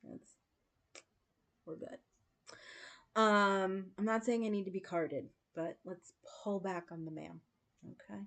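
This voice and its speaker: A woman's voice: medium pitch, fairly even intonation, unhurried, fairly bright tone. Chatty woman in her forties. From United States. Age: 40s. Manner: chatty storytelling, laughs often, many fillers. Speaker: livestream host. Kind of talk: casual chat with viewers.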